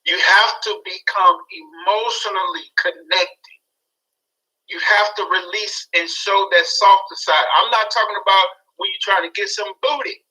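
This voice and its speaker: High, bright-voiced man in his forties. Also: a little slow, poor audio. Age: 40s. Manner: animated storyteller, acts out his own past reactions. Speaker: guest speaker. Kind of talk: casual talk show chat.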